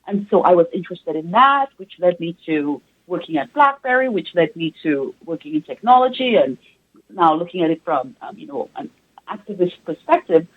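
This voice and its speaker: A woman's voice: fairly low pitch, expressive, normal speed, husky. A woman speaking as an interview guest over a remote call, talking reflectively and thinking aloud as she goes. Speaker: guest, doctoral researcher. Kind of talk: casual interview conversation. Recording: tinny phone-like remote call audio.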